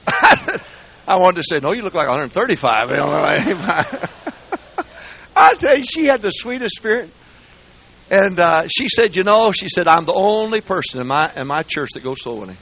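A man preaching a folksy, joking sermon in a church, swinging between quiet asides and shouting. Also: high-pitched, big pitch swings, normal speed, husky. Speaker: guest preacher. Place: church sanctuary.

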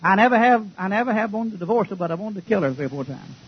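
An older man preaching a folksy, joking sermon, swinging between loud outbursts and low mutters. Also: lively intonation, racing, slightly rough, lo-fi sound.

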